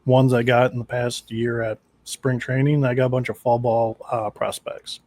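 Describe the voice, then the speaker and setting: A man's voice: mid-range voice, level tone, normal speed, darkish tone, no room sound. A man co-hosting a casual sports podcast, telling stories and teasing his friends in an easygoing way. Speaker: podcast co-host.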